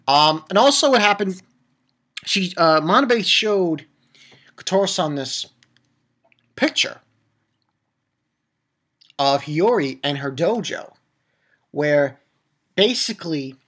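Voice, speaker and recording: A man giving a casual, rambling recap of an anime episode, excitable and quick to swear and laugh. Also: fairly high pitch, husky. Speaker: anime reviewer.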